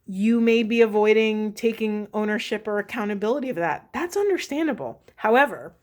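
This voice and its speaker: A woman with an animated, medium-pitched voice works through a tarot reading, musing out loud about the cards' spiritual messages. She keeps stopping mid-thought and restarting her sentences.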